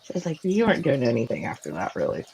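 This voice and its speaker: Brief: woman in her 40s, casual chat host, gravelly voice with lively swings in pitch. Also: quick pace, a little hiss or hum, low-quality recording. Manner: animated, many "like"s, acts out quoted dialogue. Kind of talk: casual chat, personal storytelling.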